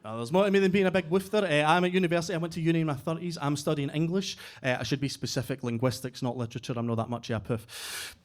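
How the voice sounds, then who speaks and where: A Glaswegian man in his thirties performing a crude, deadpan stand-up set in a basement comedy club. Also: on the high side, fast, few pauses. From Scotland. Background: audience laughter.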